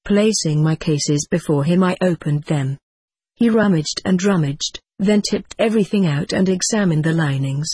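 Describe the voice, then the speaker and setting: A reader giving measured, reflective first-person narration of an audiobook. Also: medium pitch, a little mellow, breathy edge, dry recording.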